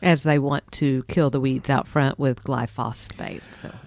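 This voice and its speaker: A woman's voice: extremely low pitch, steady tone, measured pace, vocal fry, a little mellow, no room sound. Woman co-host posing questions, dry sound. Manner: asks questions, dry teasing. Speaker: podcast co-host. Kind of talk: casual health podcast chat.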